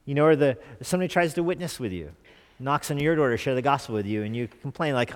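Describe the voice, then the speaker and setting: A man's voice: mid-range voice, expressive, quick pace. Man preaching a conversational sermon in a reverberant church. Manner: conversational, asks the congregation questions. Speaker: pastor.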